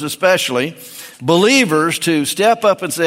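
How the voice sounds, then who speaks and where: A man's voice: a little high, moderate pace, fairly bright tone. A man preaching a sermon in a folksy, emphatic way on a pulpit mic in a church. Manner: folksy, emphatic, with frequent restarts. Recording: long hall reverb.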